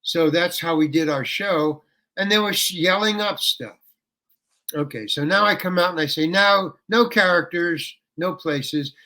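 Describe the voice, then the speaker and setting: An older man, a guest actor telling a rambling story in an interview, with restarts that break into animated ranting. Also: on the high side, a little slow.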